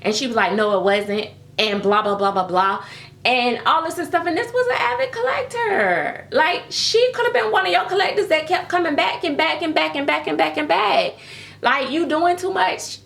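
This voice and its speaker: A woman's voice: sits high, moderate pace, vocal fry. A woman vlogger in a casual, chatty rant, telling stories with laughs and calling listeners baby. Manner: animated storytelling with frequent laughs and pet names like baby. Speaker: reborn doll vlogger.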